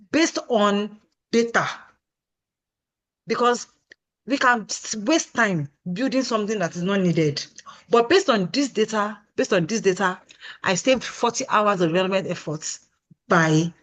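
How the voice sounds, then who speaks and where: A woman guest in an interview, a product consultant explaining her approach emphatically and often asking "you understand?". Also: mid-range voice. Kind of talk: casual interview answer.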